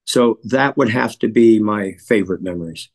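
A man from Chicago, a guest in an interview, telling stories in a measured, earnest way and often clearing his throat. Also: lowish voice, darkish tone. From Chicago, USA. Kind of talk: reflective interview storytelling.

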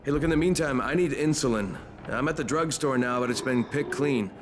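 A man's voice: mid-range voice, brisk, a little hiss or hum, lightly acted. An actor voicing a tough adult male survivor in a game, speaking tersely and matter-of-factly. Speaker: game character.

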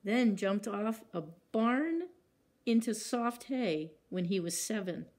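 A woman's voice: mid-range voice, lively intonation, slow pace, darkish tone. A woman librarian reading picture books aloud at children's story time, acting out sound words and stopping to ask the children questions.

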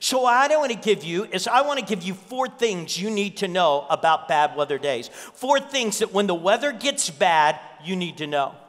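A man with a high, ringing voice preaches to his church, telling stories and hammering points home by repeating them. His voice carries a long reverb through the hall. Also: lively intonation, moderate pace, few pauses, a bit bright. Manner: storytelling preacher, repeats key lines for emphasis. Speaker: pastor. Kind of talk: sermon.

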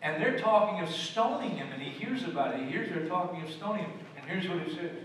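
A male pastor preaching a sermon and telling stories, his voice swinging from loud emphasis to hushed tones. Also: a little high, lively intonation, fast talker, hardly any pauses, a little hiss or hum. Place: church sanctuary. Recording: echoey church hall from far off.

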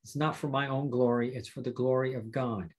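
Husky-voiced man teaching the Bible. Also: medium pitch, steady tone, a little fast. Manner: emphatic, with rhetorical questions; warm, direct address to viewers. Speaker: pastor.

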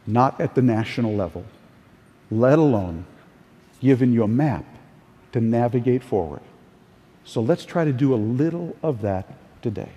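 An older man gives a keynote in a large conference hall, telling anecdotes as stories and occasionally restarting. His expressive, dark, medium-pitched voice moves at a moderate pace with frequent pauses, and the lo-fi recording sounds distant and echoey.

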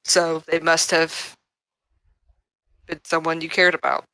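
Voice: mid-range voice, completely flat delivery, slow, sharp tone, no room sound, rough recording. A tabletop player voicing a curious female character who asks blunt, probing questions.

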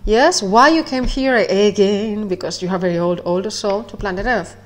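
Excitable woman giving a tarot reading. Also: medium pitch, moderate pace. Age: 40s. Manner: excitable, rambling, laughs often, keeps apologizing. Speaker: tarot reader. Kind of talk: casual spoken tarot reading.

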